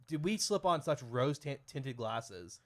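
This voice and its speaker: A young man co-hosts a casual podcast chat, rambling and correcting himself as he goes. His voice is medium-pitched and very animated, though his pace is a little slow.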